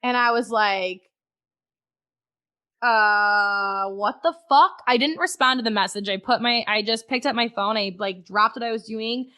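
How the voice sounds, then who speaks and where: A woman's voice: on the high side, fairly even intonation, a little fast, hardly any pauses, bright, forceful tone. A woman guest on a podcast, frankly telling a personal story in conversation and swearing freely.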